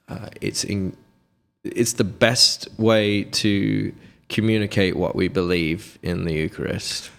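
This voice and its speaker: A British man in his thirties, a podcast guest answering in a measured, thoughtful way with dry humor. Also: on the low side, creaky. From United Kingdom. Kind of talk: casual interview chat.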